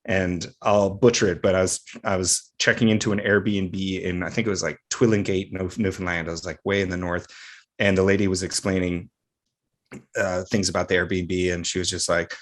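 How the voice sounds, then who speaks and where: Low-pitched and flat in delivery, a Canadian podcast guest with a General North American accent talks at normal speed about acting jobs. The conversation is casual, and he tells stories chattily, leaning on frequent fillers.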